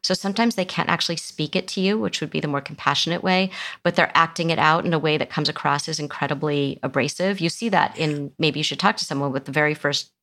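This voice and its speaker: A woman's voice: low voice, fast, a bit bright. A middle-aged woman, a psychotherapist guest in an interview, who explains things earnestly and often restarts her sentences. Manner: earnest, explanatory, many restarts, acts out quotes. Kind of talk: conversational interview.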